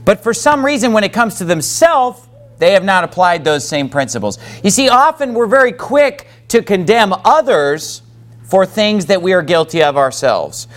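Guy preaching a sermon, highish voice, swings up and down a lot, chatty asides. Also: very animated, normal speed. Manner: preaching with rising emphasis, reads scripture in King James wording; conversational asides with fillers. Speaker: pastor.

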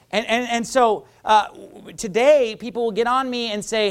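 A man's voice: high voice, lively intonation, normal speed, hardly any pauses. A male pastor preaching a sermon in an emphatic, mocking style that builds to rising fervor.

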